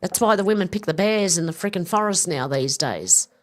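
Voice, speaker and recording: Her voice is lowish with lively intonation and a fairly quick pace. A middle-aged Australian livestream host, she reads viewers' comments aloud in a relaxed, chatty manner, swearing at times.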